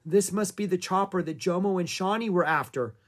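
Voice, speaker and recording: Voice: mid-range voice, brisk, voice pushed up, close to an everyday voice. A reader voicing a cautious, worried young boy in a children's audiobook, earnest and anxious. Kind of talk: audiobook character voice.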